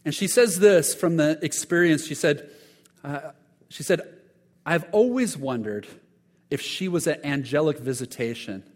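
A man's voice: fairly high pitch, lively intonation, measured pace, darkish tone, long reverb tail. A man preaching a sermon, telling stories earnestly with frequent restarts and repeated words. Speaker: pastor.

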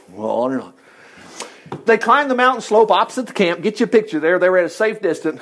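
Man preaching, folksy and animated, high lively voice. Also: fairly quick. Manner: folksy, animated, laughs often, acts out quoted lines. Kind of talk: sermon, reading scripture with commentary.

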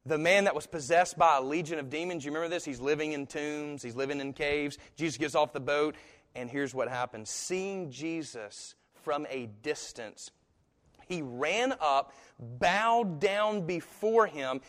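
A man preaching a sermon as pastor, talking in a conversational, animated storytelling way with asides. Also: a little high, a little slow. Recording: echoey hall.

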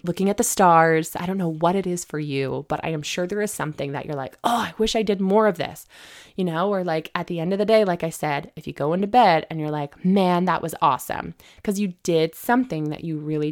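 Woman podcast host, encouraging chatty monologue, fairly low voice. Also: brisk. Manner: chatty and encouraging, addresses listeners as "you guys". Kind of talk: casual motivational monologue.

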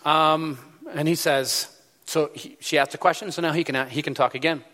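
A man's voice: a little high, fairly even intonation, moderate pace, pushed and bright. A man preaching a sermon, telling a story in a loose, conversational way with many fillers. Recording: long hall reverb.

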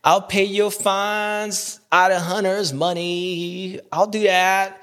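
A man's voice: high voice, little pitch movement, a bit bright, heavily acted. A man mocking a sheepish young racer. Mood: mock-sorry. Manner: slow, drawn-out mock apology.

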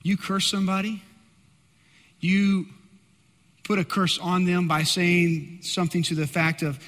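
A male pastor preaching a sermon, swinging between loud emphatic bursts and hushed asides. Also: high-pitched, level tone, measured pace, long pauses, long reverb tail.

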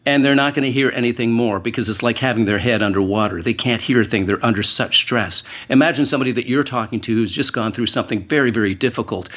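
A former hostage negotiator speaks as a panel guest. He talks in an earnest, measured way, with a middle-pitched voice. He slows right down to lean on the words that matter. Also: fairly bright tone. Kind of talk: panel discussion.

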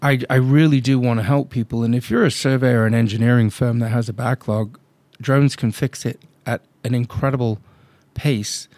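A man's voice: medium pitch, steady tone, moderate pace, few pauses, darkish tone, dry recording. A man who owns a drone company, a podcast guest telling blunt, emphatic stories and acting out his clients' lines. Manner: blunt, emphatic storytelling that acts out client dialogue. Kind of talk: casual podcast interview.

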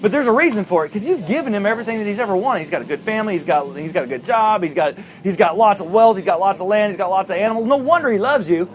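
A man voicing a scheming male devil who makes smooth, wheedling offers. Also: sits high, animated, very fast, few pauses, slight background noise. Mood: sly.

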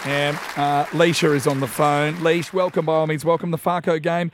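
A man's voice: fairly high pitch, flat delivery, brisk, a crowd in the background, noisy background. A man with an Australian accent hosting a radio show, bantering playfully with callers. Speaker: radio host. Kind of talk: casual radio chat.

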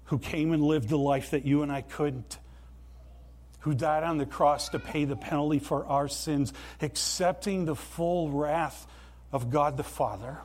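A man preaching a sermon in a church, earnest and emphatic, with deliberate pauses. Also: on the high side, a little mellow. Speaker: pastor.

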